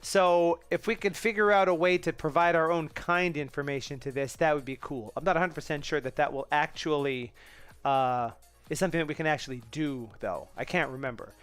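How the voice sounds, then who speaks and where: A man's voice: fairly high pitch, fairly quick, fairly bright tone, smooth, faint music behind. A man hosting a casual live coding stream, thinking aloud and chatting with viewers in a rambling way, with restarts and asides.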